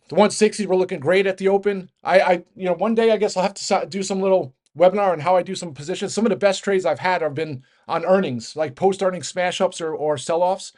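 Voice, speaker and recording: A man giving a fast, rambling casual market rant as host, with many restarts and fillers. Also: high-pitched, darkish tone. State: out of breath. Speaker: market commentator.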